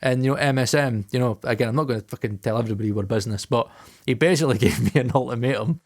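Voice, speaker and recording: A man's voice: medium pitch, very fast. A man co-hosting a podcast in casual chat, swearing freely and acting out the people in his story. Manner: swears a lot and acts out quoted dialogue. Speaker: podcast co-host.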